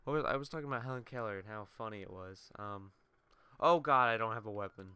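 Talking fast in a sharp, smooth, lowish voice with no echo, a young man tells school stories during a casual let's play. He rambles, curses, and breaks into laughing asides over the gameplay.

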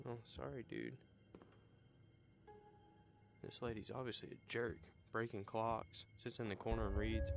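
A man's voice: on the low side, fairly even intonation, a little slow, gravelly, pauses often, soft background music. A young man commenting on a horror game, talking nervously to the characters and blurting repeated warnings when startled. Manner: jumpy, nervous chatter to game characters, bursts of repeated "hey". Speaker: gaming video host.

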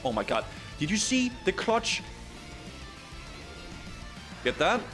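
A man giving lively play-by-play over a match, his voice sitting a bit high and swinging widely in pitch. He trips over his words in quick restarts and breaks into sudden laughing yelps, with faint game music underneath. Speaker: streamer playing arena matches. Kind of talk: excited gaming commentary.

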